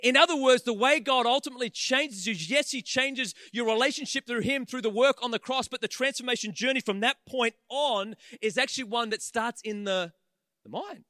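A man around forty preaching a sermon in a large auditorium, an animated storyteller who throws quick humorous asides to his audience. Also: very high voice, no room sound, clean studio sound. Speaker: pastor.

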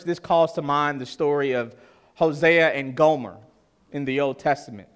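Guy preaching a sermon, kinda higher voice, earnest, slows way down to hit the big points. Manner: earnest, slows down to stress lines.

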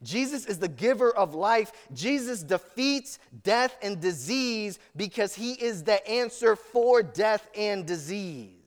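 A man's voice: sits high, expressive, slow pace, few pauses, in a large hall. A man preaching a sermon as pastor, telling stories earnestly with frequent restarts.

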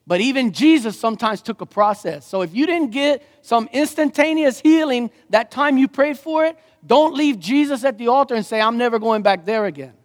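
A man preaching a sermon as a pastor, animated and joking, slipping into playful voices. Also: very high-pitched, normal speed, few pauses, in a large hall.

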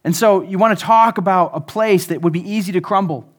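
A man pastor giving a conversational sermon, animated, acting out the people he quotes. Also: high-pitched, a little fast.

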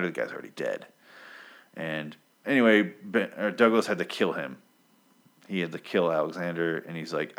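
Very deep-voiced man rambling casually. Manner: profane, rambling, animated quoting of characters. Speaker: comic book reviewer. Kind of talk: casual recap talk.

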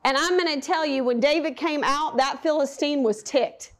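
A woman's voice: high-pitched, normal speed. A woman teaching a Bible lesson in a chatty sermon style. She asks her listeners questions and acts out the quotes. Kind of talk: conversational sermon.

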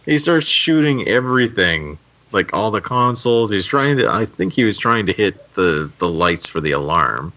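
A man hosting a podcast, casually recapping a cartoon episode in a relaxed storytelling manner. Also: sits low, normal speed. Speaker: podcast host.

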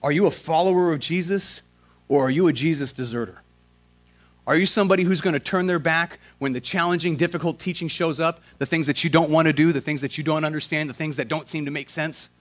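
A man preaching with a slightly high voice, mixing casual slang into his sermon. He swings from loud, emphatic questions down to quiet, earnest prayer. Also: fast talker. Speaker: pastor.

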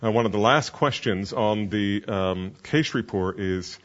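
Deep-ish guy pastor teaching a counseling class, lots of ums and uhs, kinda dull lo-fi audio. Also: a little slow, a bit bright. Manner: earnest, conversational, many fillers.

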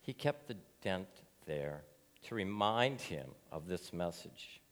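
A man preaching as pastor, earnest and deliberate, telling a story in his sermon. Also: low-pitched, animated, big-room sound. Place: church.

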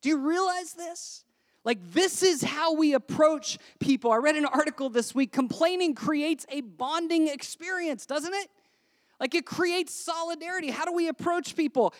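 A woman's voice: high voice, moderate pace, no echo. Chatty woman preaching, dry close sound. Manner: conversational and joking, full of rhetorical tag questions. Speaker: pastor. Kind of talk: sermon.

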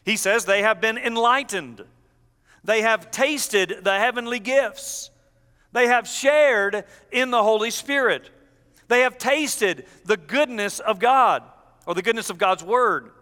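A man's voice: high-pitched, slow, pushed and bright, big-room sound. A man preaching an expository sermon as pastor, teaching with emphatic delivery.

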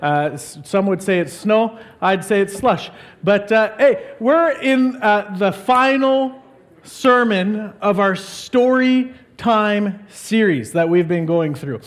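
High-voiced joking pastor. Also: male voice, slow pace. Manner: jokey and rambling, many fillers. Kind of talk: sermon with skit, casual.

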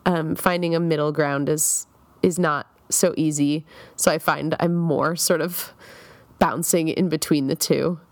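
A woman's voice: deep voice, steady tone, a little slow, no echo. A young woman recording a personal diary, chatty and rambling, with many fillers and wry self-mocking asides. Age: young adult. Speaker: diarist.

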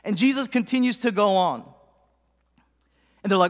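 A man giving a sermon in an animated, conversational storytelling way, filled with 'like' fillers, in a church hall. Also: high voice, moderate pace, pauses often. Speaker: preacher. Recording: long hall reverb.

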